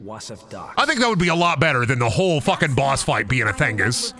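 A man's voice: mid-range voice, big pitch swings, a little fast, sharp tone. Crude joking man streaming a game. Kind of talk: gaming stream commentary.

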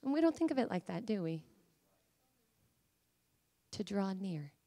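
A woman preacher delivering a sermon, emphatic and pleading, at times rising to high fervent cries. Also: very animated, unhurried, warm tone.

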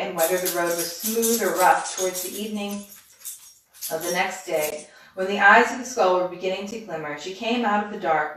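A woman reads a fairy tale aloud as a bedtime story, keeping her narration steady and even. She sits well away from the mic, and her voice rings around a very echoey room. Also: mid-range voice. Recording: roomy, distant mic.

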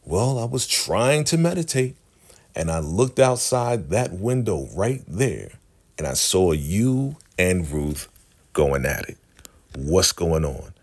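A domineering cult leader played by a man retelling a scene presses for the truth in a low, stern voice. He speaks with quiet menace and does not believe a word he hears. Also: big pitch swings, takes it slowly, breathy edge, heavily acted. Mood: probing. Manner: stern, interrogating.

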